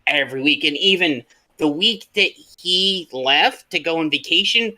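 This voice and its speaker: A man's voice: a little high, moderate pace, rough recording. A man on a stream telling stories in casual chat, acting out what others said. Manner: animated, acts out quotes, laughs a lot. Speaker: stream guest.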